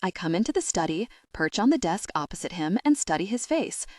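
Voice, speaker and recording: A woman narrating a comic novel in the first person, expressive and animated. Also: lowish voice, a little fast, dry recording, studio quality. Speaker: audiobook narrator.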